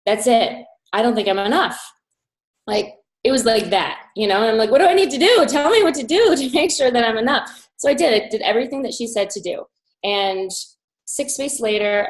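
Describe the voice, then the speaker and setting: A woman from Colorado telling a personal story as an interview guest, animated and breathy in the emotional moments. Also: mid-range voice, rough recording. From Colorado, USA.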